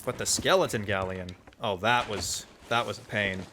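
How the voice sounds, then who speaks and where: A young man recounting a gaming mishap as casual commentary, animated and joking, with the odd swear. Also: lowish voice, moderate pace, noisy background. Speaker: gamer telling a story.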